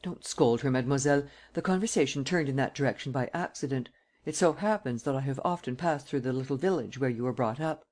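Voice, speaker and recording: A male narrator voicing a cool, cynical gentleman thief who speaks calmly and mockingly. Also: medium pitch, fast talker, close to an everyday voice. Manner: calm, sardonic.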